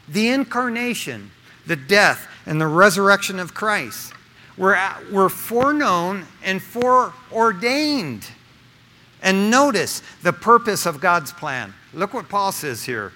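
Male pastor, casual slangy sermon, bright tense voice, long hall reverb. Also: sits high. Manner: casual slangy preaching, acts out characters. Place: church sanctuary.

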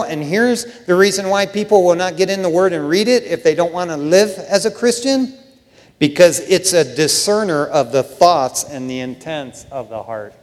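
A man preaching a sermon in a casual, joking way, often saying "man", swinging between hushed asides and loud bursts. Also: fairly high pitch, normal speed. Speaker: pastor. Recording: long hall reverb.

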